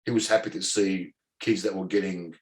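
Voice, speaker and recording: Lively Australian man with a low voice. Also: normal speed, a little hiss or hum. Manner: animated storyteller who acts out dialogue and laughs often. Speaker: guest, former footballer. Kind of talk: storytelling in casual conversation.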